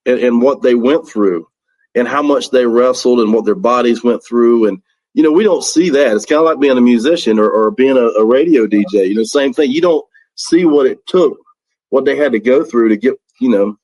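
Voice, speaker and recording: A man with a Southern accent speaks as a musician guest on a casual radio interview. He tells rambling stories, circling back with restarts and chuckles. His voice sits at a medium pitch. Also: normal speed, darkish tone, poor audio. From South Carolina, US. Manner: rambling storyteller, frequent restarts and laughter.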